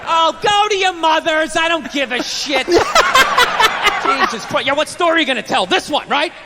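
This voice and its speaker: A man's voice: very high-pitched, big pitch swings, normal speed, heavy background noise. A man doing a stand-up routine, ranting and swearing as he acts out arguments. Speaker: stand-up comedian.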